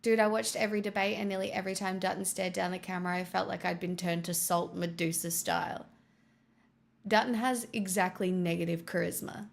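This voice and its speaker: A woman on a live stream chats casually, reading viewer donations aloud and answering them wryly and sardonically, sprinkling in "right?" and "truly." Her lowish voice is creaky and brisk, with little pitch movement.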